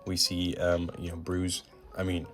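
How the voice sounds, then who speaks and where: A man's voice: deep voice, monotone, a little slow, soft background music. A man casually recapping a comic issue in a laid-back, slangy way with frequent ums. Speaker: comic book reviewer.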